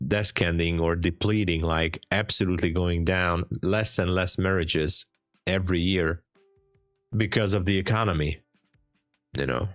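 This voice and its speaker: A man's voice: low voice, a bit bright, no room sound, clean studio sound. A man from Hungary with a Hungarian accent, chatting casually and joking on a trading live stream. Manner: joking, chatty, laughs often. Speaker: livestream trader.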